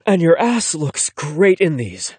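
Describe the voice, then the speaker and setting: A man doing a gentle, doting boyfriend. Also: a little high, big pitch swings, slow, slightly rough, dry recording, voice pushed up, exaggerated voice. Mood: teasing. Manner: soft, warm, reassuring.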